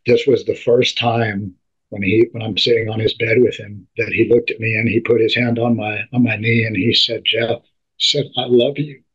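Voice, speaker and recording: A man with a husky voice and a flat, even delivery tells a personal story as an interview guest. He stumbles and restarts often. The recording sounds dull and lo-fi. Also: lowish voice. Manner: halting, repeats and restarts words often.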